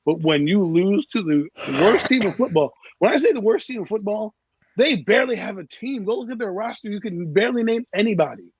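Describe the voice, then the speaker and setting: A man's voice: sits high, expressive, fairly quick, husky, dry recording, highs cut off. A man co-hosting a sports podcast, ranting in a heated, profane, exasperated way.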